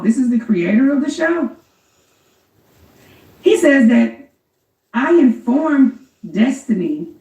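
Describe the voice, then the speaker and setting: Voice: mid-range voice, darkish tone, echoey room, recorded from a distance, low-quality recording. A co-host in a casual chat, animatedly recounting events and commenting on them.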